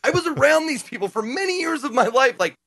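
A man chatting casually as a gaming podcast co-host, animated and profane, acting out quotes as he tells stories. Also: very high-pitched, fast talker, dry recording. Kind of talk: casual chat.

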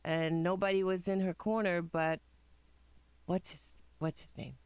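A man co-hosting a show, chatting in a relaxed, conversational way. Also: on the high side, moderate pace, smooth, no room sound. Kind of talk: casual chat.

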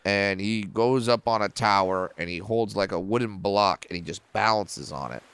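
A man who is a comedian and a podcast guest, telling stories in a casual, profane and animated way. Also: lowish voice, moderate pace, clear, resonant tone, no echo.

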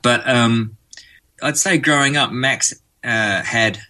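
A man's voice: mid-range voice, slow pace, bright, forceful tone. A man in his forties with an Australian accent, chatting as an interview guest and telling stories with many fillers. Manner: chatty, storytelling, frequent fillers. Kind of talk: relaxed conversational interview.

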